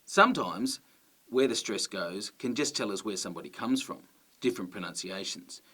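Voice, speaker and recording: Aussie guy teaching a lesson, lowish voice, leans hard on the stressed words. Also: expressive, moderate pace, pushed and bright, breathy edge. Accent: Australian. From Australia. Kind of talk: explaining to camera.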